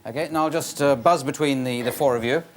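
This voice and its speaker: A man's voice: mid-range voice, fast talker, a little hiss or hum. A man hosting a comedy panel show, genial and hesitant with frequent ums. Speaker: game show host. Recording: TV studio with audience.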